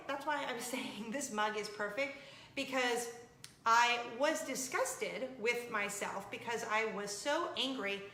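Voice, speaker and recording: Woman, 30s, chatty vlog storytelling, slightly high voice, echoey room. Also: sharp tone, a little hiss or hum. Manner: chatty, confessional, laughs while telling. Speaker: vlog host. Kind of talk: casual storytelling to camera.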